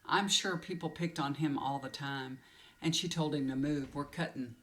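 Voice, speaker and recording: A woman's voice: deep voice, normal speed, a little hiss or hum. A woman tarot reader telling a personal story to camera in a confiding, emotional way, rambling with many fillers, close to tears. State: tearful.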